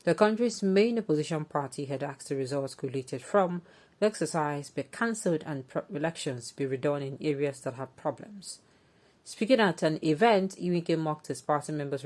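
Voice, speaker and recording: A woman with a Nigerian accent presenting a news story and adding opinionated, animated commentary. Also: sits low. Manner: opinionated, animated, chatty asides.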